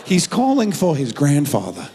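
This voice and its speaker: A middle-aged man performing a stand-up comedy routine, telling a story with animated delivery and acted-out voices. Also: fairly high pitch, normal speed, vocal fry, long reverb tail.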